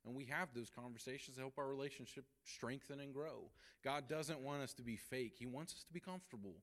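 Energetic man teaching Bible study. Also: mid-range voice, brisk, hardly any pauses. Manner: energetic, laughs often, acts out quotes. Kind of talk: church Bible study lesson.

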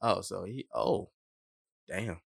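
A man co-hosting a podcast, chatting casually in a laid-back, soft-spoken way and dropping his voice low. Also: takes it slowly, gravelly, slightly rough, no room sound, clean studio sound. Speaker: podcast co-host. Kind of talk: casual chat.

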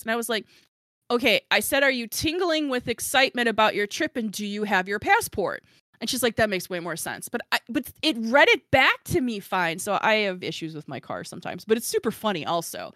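A woman's voice: on the high side, big pitch swings, fairly quick, a bit bright, no echo, studio quality. A woman hosting a podcast and chatting casually, rambling and self-deprecating with frequent giggles. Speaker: podcast host and author. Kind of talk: casual chat.

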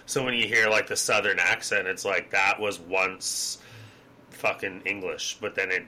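A man's voice: low voice, fairly even intonation, measured pace, pushed and bright. A man co-hosting a podcast, rambling in a laid-back, casual way. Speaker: podcast co-host.

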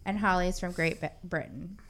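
A woman co-hosting a casual podcast, recapping a film's plot at length with frequent pauses and self-corrections. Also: lowish voice, fairly bright tone. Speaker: podcast co-host.

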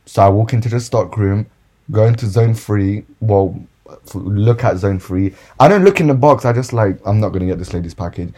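Husky young man ranting. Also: fairly low pitch, normal speed. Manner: animated, profane, ranting. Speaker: podcast host telling retail stories. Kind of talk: casual storytime rant.

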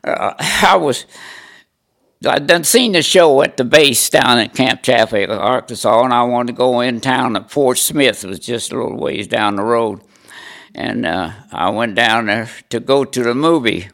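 Man, nineties, from Indiana, gravelly, mid-pitched, blunt interview storytelling. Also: a little slow, a bit bright. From Indiana, USA. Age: 90s. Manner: blunt, salty storytelling with repeated "I said". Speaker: veteran interviewee. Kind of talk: recounting life stories in an interview.

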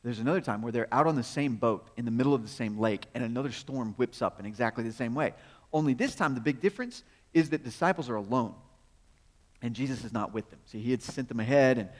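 A man with a medium-pitched voice talks fast as he preaches a sermon in a conversational, storytelling style. He asks rhetorical questions and chuckles often along the way. The long reverb of a large hall fills the recording.

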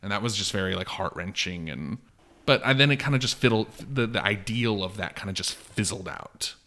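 Rambling man with a lowish voice. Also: animated, a little fast. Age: adult, long married. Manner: rambling, heavy on "like", acts out quotes with big jumps in loudness. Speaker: podcast co-host. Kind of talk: casual film discussion.

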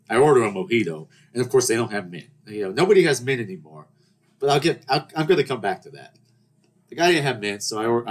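A young man with a fairly low voice tells rambling anecdotes in a casual monologue. His pitch moves widely and expressively as he mocks his own awkward moments. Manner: rambling, self-deprecating anecdotes with acted-out quotes. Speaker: podcast host.

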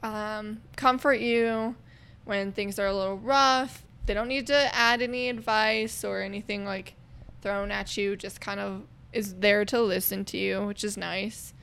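A young woman co-hosting a podcast, talking through her thoughts in a relaxed, reflective way. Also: medium pitch, measured pace, gravelly, clear, resonant tone. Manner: reflective, lays out points with ums. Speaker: podcast co-host. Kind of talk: casual chat.

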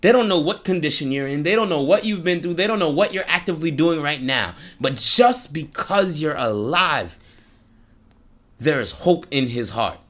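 Animated, slangy male storyteller. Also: on the high side, moderate pace. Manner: slangy, animated, preachy asides. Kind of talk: casual storytelling with a moral message.

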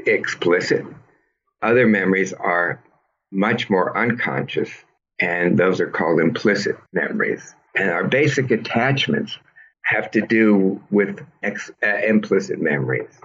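A man with a deep, husky voice explains ideas patiently, like a teacher, often stopping to restart a phrase. He is a therapist answering interview questions. The recording sounds a little dull and lo-fi. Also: fairly bright tone. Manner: thoughtful, teacherly, with frequent restarts. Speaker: trauma therapist, guest.

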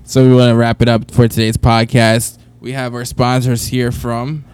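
Male podcast co-host, mid-pitched voice, dry teasing quips in casual banter. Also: monotone, moderate pace, darkish tone, smooth, faint music behind. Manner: dry, short interjections and teasing comebacks.

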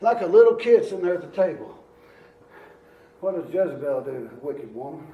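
Shouting preacher in an echoey church. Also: male voice, a little high, sing-song, moderate pace, distant mic, lo-fi sound, slight background noise. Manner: swings between quiet storytelling and shouted exhortation. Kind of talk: sermon.

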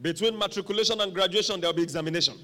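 A male pastor, his voice high and bright as he preaches with dramatic, animated flair. He calls out to the congregation for responses. His voice rings with the long echo of a large church hall. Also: very fast. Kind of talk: sermon.

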